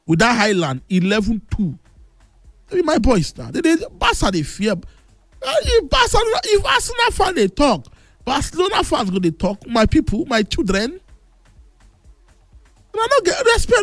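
A man with a Nigerian Pidgin accent hosting a call-in football talk show on the radio, boastful and teasing, now and then bursting into shouts. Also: high-pitched, husky, no room sound. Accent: Nigerian Pidgin English. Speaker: radio sports show host.

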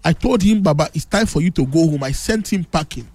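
A Nigerian man with a Nigerian Pidgin English accent works as a radio host, trading brash, teasing banter and loud boasts. His fairly high, expressive voice runs a little fast and sounds slightly rough and thick, as he's a bit under the weather. The recording has no echo, with faint music in the background.

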